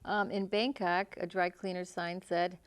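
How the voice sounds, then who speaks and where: A woman co-hosting an educational talk, calm, giving brief answers and soft murmurs of agreement. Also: on the low side, a little slow, clear, resonant tone. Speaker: co-host. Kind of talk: casual educational discussion.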